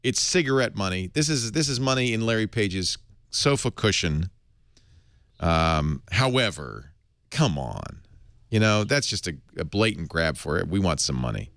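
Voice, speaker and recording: A man's voice: low voice, normal speed, no echo, clean studio sound. A middle-aged man hosting a podcast, reading tech news in a casual, wry way. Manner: wry, animated, slips into comic voices. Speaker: podcast host.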